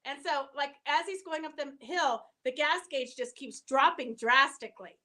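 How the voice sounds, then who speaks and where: A woman's voice: high voice, normal speed, bright, forceful tone. A middle-aged woman chatting casually on a live stream, answering viewer comments and telling stories with lots of fillers. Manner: chatty, storytelling, many fillers.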